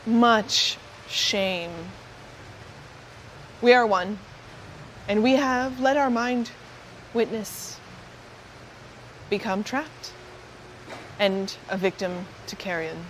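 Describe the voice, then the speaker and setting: A woman voicing a telepathic floating mass of eyes that speaks in halting, repetitive chants. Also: mid-range voice, close to an everyday voice, low-quality recording. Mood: mournful. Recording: faint background noise.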